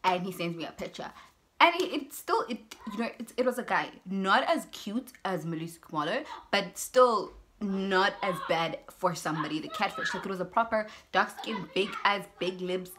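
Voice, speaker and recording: A young South African woman telling a personal story on her vlog, animated, acting out both sides of conversations and mixing in Zulu words. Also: mid-range voice, normal speed, background noise. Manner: mixes in Zulu words and phrases. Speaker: YouTuber.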